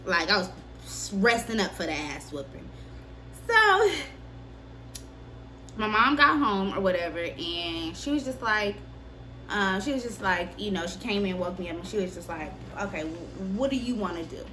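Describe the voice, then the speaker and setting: Bright-voiced young woman telling a story. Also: mid-range voice, measured pace, long pauses, a little hiss or hum. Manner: candid, profane, animated storytelling. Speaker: vlogger. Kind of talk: casual storytime.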